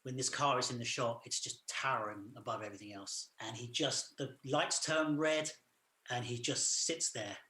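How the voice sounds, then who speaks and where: A man's voice: mid-range voice, normal speed, pushed and bright, echoey room. A man co-hosting a podcast, casually retelling a film's plot in a loose, rambling way, full of "sort of" and "like". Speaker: podcast co-host. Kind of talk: casual film review chat.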